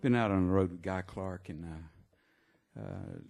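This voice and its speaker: Singer-songwriter, low voice, halting onstage yarn-spinner over guitar. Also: male voice, creaky. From Texas. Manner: rambling, halting storyteller with many fillers. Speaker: singer-songwriter performing live. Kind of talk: stage banter between songs. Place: live music venue. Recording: live concert with guitar playing. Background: guitar music.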